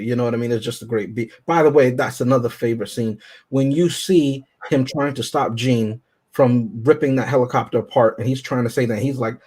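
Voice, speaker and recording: On a movie review panel, a man with a medium-pitched, somewhat dark voice talks at a moderate, steady pace, and the audio quality is poor. He's enthusiastic in this casual podcast chat, often checking in with "right?" and "you know what I mean?"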